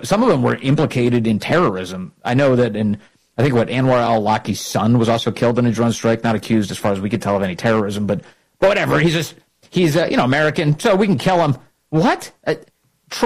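Male political host, husky and highly animated, mocking and indignant in delivery. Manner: animated, mocking, rising to loud indignant peaks. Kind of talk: opinionated political commentary.

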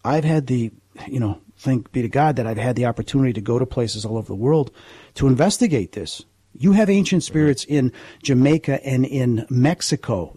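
Husky mellow guy rambling earnestly about ghosts on the radio, lots of restarts. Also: medium pitch, no room sound. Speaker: paranormal investigator, guest. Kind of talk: radio interview storytelling.

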